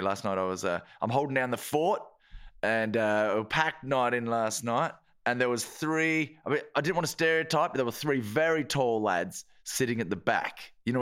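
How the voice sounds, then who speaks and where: A man's voice: medium pitch, fairly bright tone, clean tone. A man with an Irish accent hosting a casual comedy podcast, telling stories and acting out bits. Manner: joking, acts out bits in put-on voices. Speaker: podcast host.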